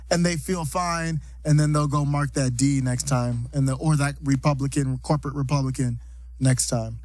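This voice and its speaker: A man's voice: medium pitch, fairly even intonation, moderate pace, darkish tone, dry recording. A man hosting a casual political podcast. He agrees readily and chimes in with short affirmations. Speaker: podcast host.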